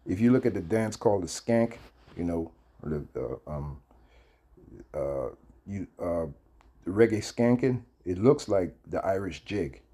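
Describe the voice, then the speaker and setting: A man's voice: low voice, lively intonation, measured pace, warm tone. A man hosting his channel, giving casual commentary that rambles with many fillers while he reads text aloud. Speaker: channel host.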